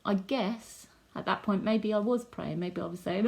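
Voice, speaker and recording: A woman's voice: medium pitch, a little slow, dark tone. A woman giving a personal faith testimony in an earnest, chatty storytelling way, full of likes and ums. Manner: earnest, heartfelt. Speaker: testimony speaker.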